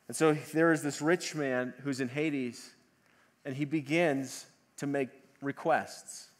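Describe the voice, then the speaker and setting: A man preaching a sermon, animated and acting out the voices of the people he quotes. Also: medium pitch, takes it slowly. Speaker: pastor.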